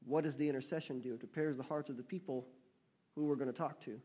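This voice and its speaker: A man preaching a sermon to his congregation, reading scripture slowly and with emphasis and asking the room for responses. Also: medium pitch, steady tone, warm tone, husky. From United States. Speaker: pastor. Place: church.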